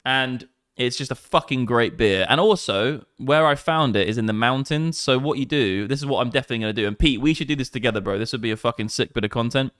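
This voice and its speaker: A man in his thirties with an English accent, rambling excitedly and swearing often on a casual livestream. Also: mid-range voice, fast, hardly any pauses, smooth, no echo, studio quality. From England. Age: 30s. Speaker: crypto streamer.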